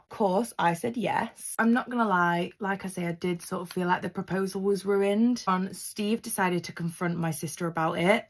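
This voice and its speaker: A young woman in her twenties, a content creator, telling a personal story in a chatty, gossipy, emphatic way. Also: mid-range voice. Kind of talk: casual storytime narration.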